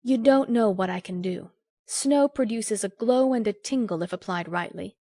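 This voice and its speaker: A woman reading an audiobook, voicing an earnest, sharp-tongued young woman who lectures a friend in a crisp, scolding way. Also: mid-range voice, moderate pace, no room sound, studio quality, pitched above the performer's own voice, natural voice. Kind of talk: audiobook character voice.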